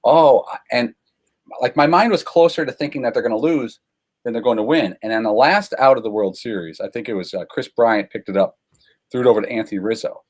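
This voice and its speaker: A man guest telling sports stories in a casual, animated, self-deprecating way. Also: mid-range voice, fairly quick. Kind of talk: casual storytelling.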